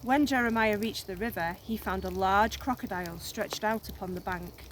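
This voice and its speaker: A woman teacher reading a children's story aloud, gently and expressively, outdoors on a snowy walk into a phone camera. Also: medium pitch, moderate pace, slight background noise.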